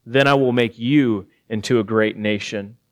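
A man's voice: mid-range voice, normal speed. Middle-aged guy preaching, gets worked up and emphatic, laughs a bit in between. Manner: animated, laughing asides, rising to emphatic peaks. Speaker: pastor. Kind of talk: sermon.

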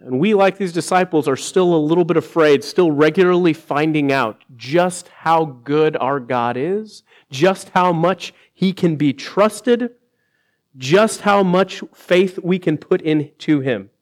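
A man preaching a sermon, his voice sitting a little high. He speaks earnestly, slowing down to stress his points and lifting his voice when he quotes others. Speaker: pastor.

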